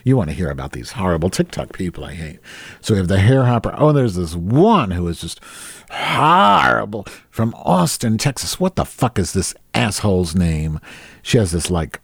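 A man rants alone on his own show in a rambling, sarcastic, foul-mouthed way. His voice sits on the low side but jumps around a lot in pitch. The recording is dry and close, with no room sound. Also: very animated, fairly quick, a little mellow, slightly rough, no echo. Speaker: podcast host. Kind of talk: solo profane rant.

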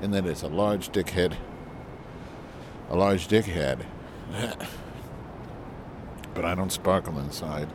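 A man's voice: low voice, slow pace, pauses often, background noise. A man rambling and joking crudely to his recorder outdoors, repeating silly phrases while testing a new windscreen. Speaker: vlogger. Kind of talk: rambling outdoor vlog, mic test. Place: outdoors with wind. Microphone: handheld recorder with windscreen.

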